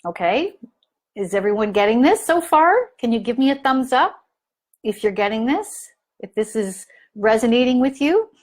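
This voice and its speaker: A woman's voice: a little high, big pitch swings, moderate pace. A woman giving a live parent training, telling an everyday story and asking her listeners questions, with many fillers. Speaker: family consultant giving a training. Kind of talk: live online training talk.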